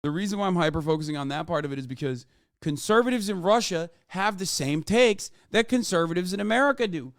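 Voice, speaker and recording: A man hosts a livestream, reacting to a clip with animated, profanity-laced commentary. His voice sits fairly high for a man. The sound is close and dry, with no room in it. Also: fast, dry recording. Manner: animated, profane, talks over a played clip. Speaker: livestream host.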